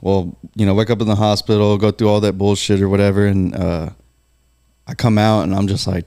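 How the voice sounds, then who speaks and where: A man's voice: fairly low pitch, flat delivery, brisk, warm tone, dry recording, studio quality. A man as a podcast guest, telling a personal story in a loose, candid way with swearing and filler words. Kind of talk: casual storytelling.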